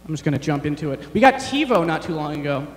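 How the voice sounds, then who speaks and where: A young man performing a rambling, self-deprecating stand-up set, halting often with fillers. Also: on the high side, sing-song, reverberant, long reverb tail. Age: young adult. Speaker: stand-up comedian. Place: large chapel hall on stage.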